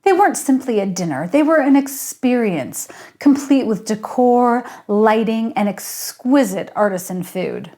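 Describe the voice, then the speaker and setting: A woman, the author, reading her story aloud in steady first-person narration. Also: a little high, a little slow.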